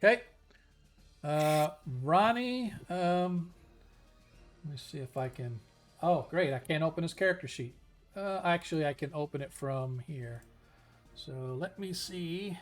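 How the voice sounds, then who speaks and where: Laid-back game master, slightly high voice. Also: male voice, unhurried, long pauses, faint music behind. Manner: casual, laughs often, hesitant fillers. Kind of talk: narrating an online tabletop game.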